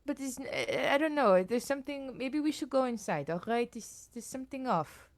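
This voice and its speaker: A woman's voice: high voice, animated, normal speed, no echo, voice pushed up. A woman voicing a devoted, anxious middle-aged uncle who talks earnestly and keeps repeating his reassurances. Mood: uneasy.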